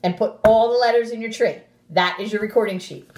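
A teacher with a medium-pitched voice reads a picture book aloud to young children a little fast, expressive and animated, with gasps and playful sound effects. She then gives the class instructions. The audio has a roomy echo.

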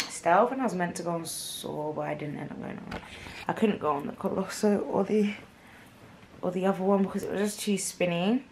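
A young woman, slightly hoarse, chatting casually to camera in a rambling way full of fillers and slang. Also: on the low side, a little hiss or hum. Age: young adult. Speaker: vlogger. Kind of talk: casual vlog chat to camera.

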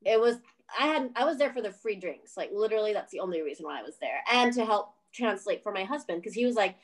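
Animated female director telling a story. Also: mid-range voice, fast. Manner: animated, acts out quoted voices, swears, laughs often. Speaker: film director. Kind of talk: casual storytelling interview.

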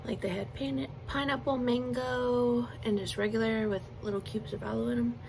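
A woman's voice: on the high side, fairly even intonation, normal speed, gravelly, darkish tone, slight background noise, rough recording. A young woman in a casual eating vlog, chatting and giggling while she chews, recorded on a phone indoors. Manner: chatty, giggly, talks while chewing with mouth full. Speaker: mukbang vlogger.

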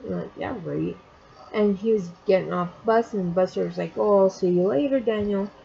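A woman speaks straight to her camera, her mellow, husky voice halting and catching as she fights back tears. She often stops and restarts her sentences. The recording sounds dull and lo-fi. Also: medium pitch. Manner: emotional, halting, many restarts. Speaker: vlogger. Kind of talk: personal vlog, retelling a story.

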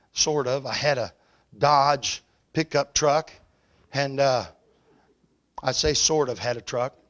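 A man preaching a revival sermon in a church. He tells a story and swells loud and high at the climaxes, then drops soft at the closes. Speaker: evangelist preacher. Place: church sanctuary.

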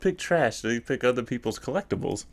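Man, podcast co-host, casual chat, laughs a lot, lively swinging pitch. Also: brisk, vocal fry. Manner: laughs often, animated and joking.

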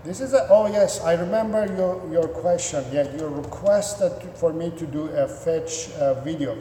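A man's voice: fairly high pitch, moderate pace, dark tone, a little hiss or hum. A man working as a dog trainer, answering viewer questions in an instructive, repetitive way with many fillers. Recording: echoey room with long reverb.

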